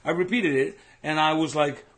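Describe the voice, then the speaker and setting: A young man from Mexico co-hosting a casual chat, telling stories in a relaxed way. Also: fairly high pitch, normal speed. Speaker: co-host.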